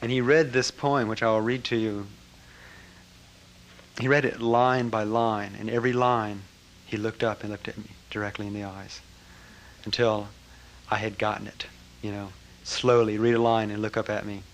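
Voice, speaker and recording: An older man telling a personal story to a gathering in a reflective, halting way, breaking into lively quotes. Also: on the low side, slight background noise, poor audio. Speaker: speaker recounting a spiritual teacher.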